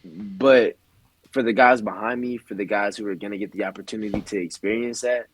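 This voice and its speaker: A man's voice: fairly low pitch, steady tone, fairly quick, a little hiss or hum, low-quality recording. A young adult man, a baseball player guest, telling stories in a laid-back way full of slang on a casual podcast.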